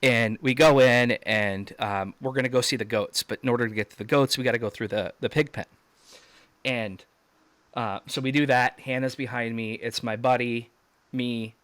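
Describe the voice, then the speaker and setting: A man guest on a video call telling a story in a casual interview, acting out quoted shouts with sudden jumps up in pitch. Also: fairly even intonation, normal speed, no room sound.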